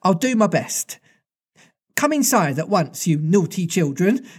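A man's voice: sits high, big pitch swings, a little slow, husky, exaggerated voice. A man voicing a polite, earnest young girl in a storybook reading, with a raised, fluting voice and a little stammer.

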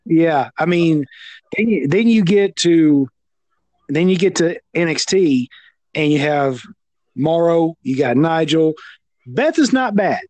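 A man with a Southern American accent chatting about wrestling, animated, restarting his sentences. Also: fairly high pitch, takes it slowly, dry recording. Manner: animated, stammering restarts, loud impressions. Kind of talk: casual wrestling chat.

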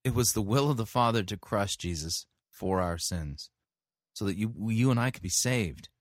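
A man's voice: on the low side, animated, normal speed, no echo, clean studio sound. A man hosting a sermon review, critically correcting what he heard with scripture. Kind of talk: critical commentary and preaching.

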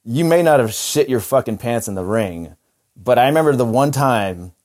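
A man's voice: mid-range voice, animated, normal speed, darkish tone. A man who is a former wrestler, hosting a casual podcast chat and telling stories full of swearing and laughter. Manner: profane, laughing storyteller.

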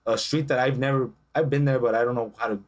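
He is a young man co-hosting a casual podcast, talking fast with a loose, profane energy. He acts out the people in his stories and keeps the conversation moving. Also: medium pitch. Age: young adult. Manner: profane, animated storytelling with acted-out quotes. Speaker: podcast co-host. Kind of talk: casual chat.

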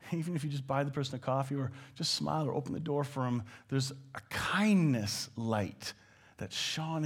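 Speaking with a husky, medium-pitched voice, a pastor delivers a sermon in a conversational manner, breaking into lively impressions of everyday quoted phrases along the way.

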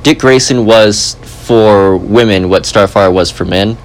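A man hosting a podcast in casual chat, rambling and joking with animated asides. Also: on the low side, unhurried, rough recording. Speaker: podcast host.

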